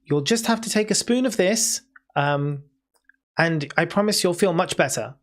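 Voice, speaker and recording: Tabletop figure: sweet, condescending woman nurse, pitched up, voiced by the GM. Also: lively intonation, normal speed, natural voice. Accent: British. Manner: sweet, patronizing, calls people dear.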